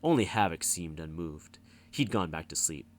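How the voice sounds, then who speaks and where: A man narrating a fantasy novel aloud as an audiobook, in measured storytelling. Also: deep voice, very animated. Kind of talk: scripted narration.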